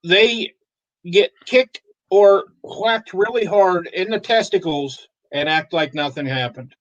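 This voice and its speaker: A man's voice: sits high, slow, muffled recording. A man telling crude comic stories on a live show, cursing often and laughing at his own jokes. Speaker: co-host. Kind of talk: crude comedic storytelling.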